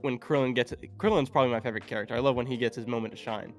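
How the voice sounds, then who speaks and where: A man speaks as a guest in a casual stream chat, his mid-pitched voice rambling and hesitant, full of fillers. Faint music plays underneath him. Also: steady tone, racing.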